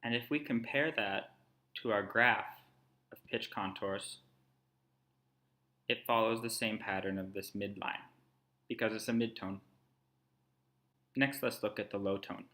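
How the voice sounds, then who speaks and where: A man with a low, bright voice talks through a screen-recorded tutorial. He explains calmly, one step at a time, as a language instructor would. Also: measured pace, long pauses.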